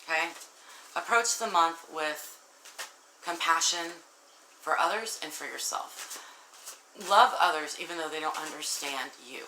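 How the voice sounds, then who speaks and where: Low-voiced woman giving an earnest tarot reading. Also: a little slow, long pauses, roomy sound, slight background noise, rough recording. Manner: earnest, warm-hearted, addresses viewers directly, emotional. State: tearful at times. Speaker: tarot reader. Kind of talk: casual tarot reading to viewers.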